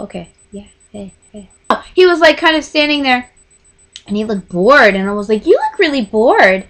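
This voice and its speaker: A woman in her twenties casually telling a story, acting out what people said. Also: mid-range voice. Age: 20s. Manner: animated, acts out dialogue with quoted voices. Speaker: vlogger.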